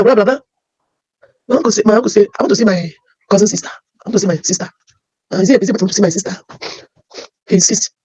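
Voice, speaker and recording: A woman with a Nigerian accent gives an emotional personal testimony about her life, halting and often repeating phrases. Her voice is medium-pitched, husky, and dark in tone, and the recording is dry with dull audio.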